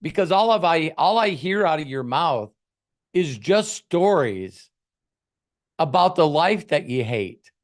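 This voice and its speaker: A man's voice: a little high, very animated, takes it slowly, voice pushed up. A man doing an impression of a stern, impatient older female TV judge who scolds in clipped demands. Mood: scolding.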